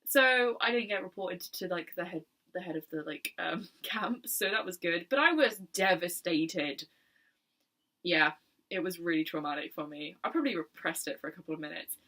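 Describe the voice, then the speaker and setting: A young woman chatting casually about books in her video, enthusiastic and quick to laugh. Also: fairly low pitch, pushed and bright. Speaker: book vlogger. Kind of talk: casual chat.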